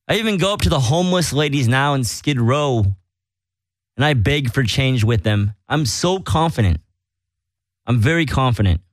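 Guy rambling and joking on his podcast, dry close mic, medium pitch. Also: no room sound. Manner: joking, rambling, self-mocking. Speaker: podcast host. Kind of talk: casual comedic radio chat. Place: small studio.

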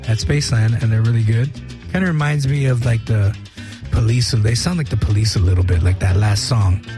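A man hosting a casual music radio show, talking in a relaxed, rambling way with plenty of fillers. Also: lowish voice, a little fast. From United States.

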